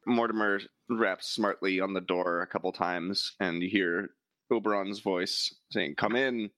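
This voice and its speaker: A man narrating as game master of a tabletop role-playing game, relaxed and chuckling as he describes scenes. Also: deep voice, unhurried, no echo, rough recording.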